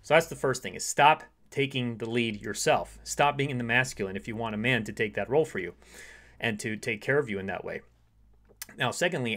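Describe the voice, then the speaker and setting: Man coaching women on dating. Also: mid-range voice. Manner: acts out short quoted dialogues in softer voice.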